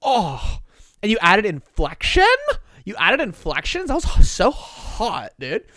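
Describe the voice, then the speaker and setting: A breathless young woman gushes and swoons, as a man puts her on in a low, lively voice. Her voice leaps around as she gushes. The sound is dry and close. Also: measured pace, no echo, heavily acted. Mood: swooning. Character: gushing young woman swooning over reading aloud.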